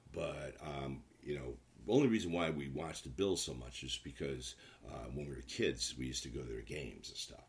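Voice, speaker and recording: A man's voice: extremely low pitch, vocal fry. A man hosting a casual solo sports commentary show, rambling and repeating himself as he talks straight to his viewers.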